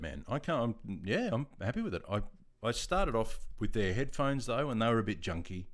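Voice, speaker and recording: Laid-back Australian man with a lower voice. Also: very animated, moderate pace. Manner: laid-back and chatty, calls viewers mate, self-deprecating. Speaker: livestream host. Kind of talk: casual livestream chat answering viewer comments.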